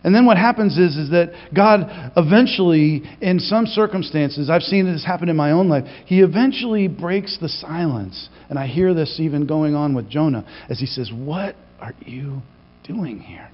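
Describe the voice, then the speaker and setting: A man preaching a sermon as pastor, telling the story with animated delivery and acting out the quoted lines. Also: on the high side, moderate pace, few pauses. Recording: reverberant, dull lo-fi hall recording.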